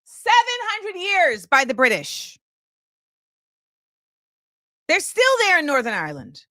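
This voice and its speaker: A woman's voice: sits high, wildly swooping pitch, moderate pace, a bit bright, dry recording, studio quality. A woman hosting her own show, delivering an impassioned film commentary monologue and repeating key phrases for emphasis. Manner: opinionated and impassioned. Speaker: show host.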